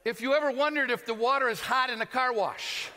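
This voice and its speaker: American male preacher, high and bright, comic sermon story in a reverberant hall. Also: brisk, some chatter behind. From United States. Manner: animated, shouting and laughing through a story. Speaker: pastor.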